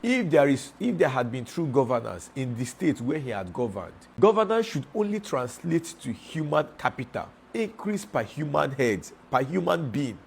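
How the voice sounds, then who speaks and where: A man's voice: mid-range voice, sing-song, normal speed, gravelly, hardly any pauses. Guy ranting on politics, some faint noise behind. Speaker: commentator. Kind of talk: political commentary.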